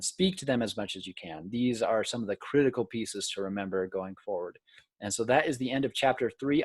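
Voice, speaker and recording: A man's voice: mid-range voice, darkish tone, no room sound. A man teaching as a college instructor in a recorded video lecture, casual and self-deprecating, with filler ums.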